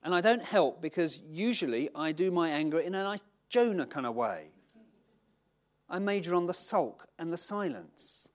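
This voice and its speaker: A middle-aged man preaching a sermon in a conversational, self-mocking, animated way. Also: on the high side, normal speed. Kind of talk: sermon with Bible reading.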